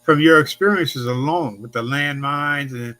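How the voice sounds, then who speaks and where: A man's voice: on the high side, a little slow, sharp tone. A male talk show host chatting casually with his guest, rambling with many fillers. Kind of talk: casual interview chat.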